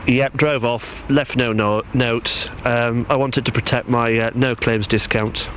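A male radio reporter interviews people on the street in a playful, mock-confessional way. Traffic noise runs clearly behind his voice in this outdoor field recording. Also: mid-range voice, fairly even intonation, unhurried, a bit bright. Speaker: radio reporter doing street vox pops.

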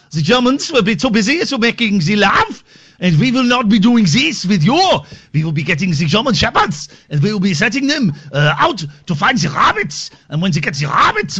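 A man's voice: high-pitched, pushed and bright, husky, highs cut off, voice pushed up, full character voice. Man doing a blustering mock German. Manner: clipped mock German accent, broken English. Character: brusque, hurried comic German man.

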